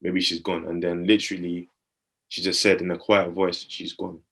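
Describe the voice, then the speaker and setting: Man, 30s, deep low voice, casual podcast talk, earnest, reflective, keeps checking in with the listener. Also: flat delivery, moderate pace, a bit bright. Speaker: podcast co-host.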